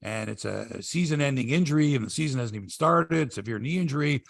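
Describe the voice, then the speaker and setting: A man's voice: fairly quick, vocal fry, no room sound. A middle-aged man hosting a sports podcast in casual chat, telling stories and acting out quotes in a raised voice. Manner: animated storyteller, acts out quotes in a high voice.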